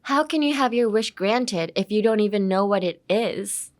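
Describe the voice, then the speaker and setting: A woman's voice: mid-range voice, lively intonation, moderate pace, close to an everyday voice. A young woman reading lines as a blunt, exasperated teenage boy from an anime. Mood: impatient. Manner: blunt, impatient.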